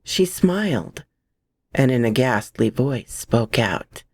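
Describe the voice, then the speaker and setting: A woman reading a horror story aloud, expressive and dramatic, close to the microphone. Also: extremely low pitch, slow pace, dry recording.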